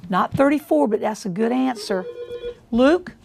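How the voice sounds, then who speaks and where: A woman hosting a school quiz show, reading questions in a measured way and repeating them deliberately. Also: a little high, lively intonation, creaky, slight background noise.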